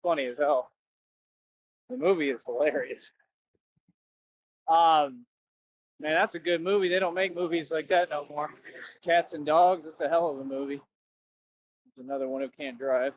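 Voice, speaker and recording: A man's voice: fairly high pitch, fairly even intonation, moderate pace, long pauses, dull audio. A man livestreaming outdoors near a road, rambling and repeating himself as he chats to viewers. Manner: rambling and repetitive, keeps saying "that's right". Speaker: livestreamer asking viewers for donations. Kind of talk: casual rambling livestream chat.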